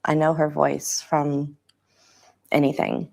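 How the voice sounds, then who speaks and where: Woman interviewee, low voice, gravelly fry, halting and hesitant, personal account. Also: completely flat delivery, darkish tone. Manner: halting, hesitant speech with many restarts.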